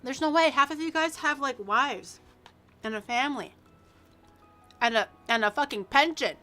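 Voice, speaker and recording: Young canadian girl streaming, high voice, chatty and teasy, lots of ums. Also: moderate pace, sharp tone, faint music behind. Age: early 20s. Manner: chatty and teasing, with frequent fillers. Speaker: livestreamer. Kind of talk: casual chat reacting to viewers.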